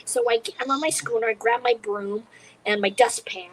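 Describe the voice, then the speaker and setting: Higher-voiced animated woman storyteller. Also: normal speed, a little hiss or hum, low-quality recording. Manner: animated, acts out other people's voices. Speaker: comedian guest. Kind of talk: conversational storytelling.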